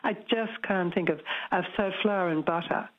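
A woman rings a radio quiz and sounds unsure and apologetic. Her voice sits on the low side and comes through a tinny phone line. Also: moderate pace. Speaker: caller.

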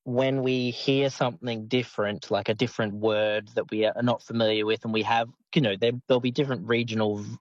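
A man's voice: mid-range voice, fairly even intonation, a little fast, hardly any pauses, no echo, lo-fi sound. A man with a PhD, interviewed on radio, explaining things with many hesitations. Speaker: language researcher guest.

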